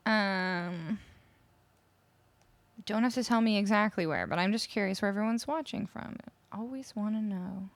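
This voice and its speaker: A woman's voice: a little high, very animated, fairly quick, a bit bright, no echo. A woman from Canada chatting casually on a live music stream, greeting viewers and reading out their chat messages. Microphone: studio microphone.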